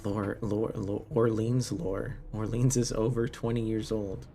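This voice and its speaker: A man's voice: fairly low pitch, little pitch movement, unhurried, warm tone, faint music behind. A man in his twenties from Canada, chatting casually with his live-stream viewers and answering their questions with lots of fillers and restarts.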